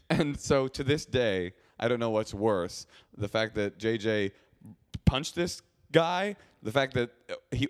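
A man's voice: medium pitch, clean tone. A man co-hosting a podcast, telling a rambling comic story with restarts and fillers. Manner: animated, rambling anecdote with frequent restarts and fillers. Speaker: podcast co-host. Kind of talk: casual comedic storytelling.

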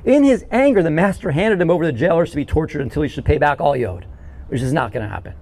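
A man's voice: on the high side, fast. A male pastor preaching a sermon, retelling a parable and acting out its characters' pleas. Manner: animated, acts out quoted characters in the story.

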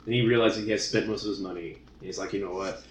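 A man's voice: fairly low pitch, steady tone, rapid-fire. A man co-hosting a casual book discussion, loose and rambling with many fillers. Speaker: podcast co-host. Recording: echoey room with faint noise.

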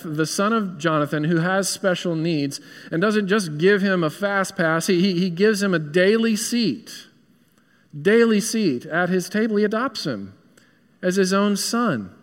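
A man's voice: high-pitched, long reverb tail. A man with a Southern US accent, a pastor preaching an earnest, conversational sermon in a church. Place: church sanctuary.

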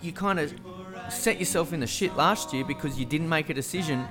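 A man's voice: fairly high pitch, brisk, over music. A man with an Australian accent co-hosting a casual podcast chat, ranting and swearing freely. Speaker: podcast co-host.

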